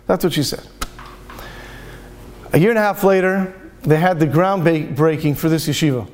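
A man with a high voice gives a Torah talk in the manner of a rabbi. He tells a story with lively turns, slipping into the speakers' lines as he goes. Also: normal speed, long pauses. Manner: lively storyteller acting out dialogue.

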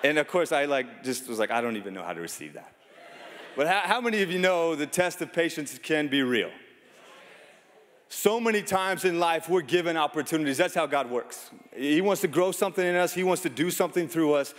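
Chatty pastor preaching in an echoing hall. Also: male voice, a little high, a little fast. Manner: conversational storytelling with self-deprecating humor. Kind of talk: sermon. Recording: long reverb of a large hall.

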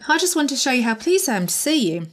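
A woman's voice: high-pitched, very animated, quick pace, heavy background noise, pitched above the performer's own voice. A woman reading out the lines of a bewildered young man in a comic story reading, barely changing her own voice. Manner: read aloud from a story, lightly voiced. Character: young adult male hero, bewildered.

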